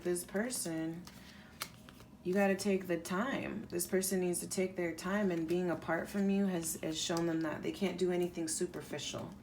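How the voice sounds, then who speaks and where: A woman's voice: on the low side, darkish tone, a little hiss or hum. A woman giving a casual pick-a-pile tarot reading, rambling loosely and leaning on "like" as she talks through the cards. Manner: casual, rambling, heavy use of "like". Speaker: tarot reader.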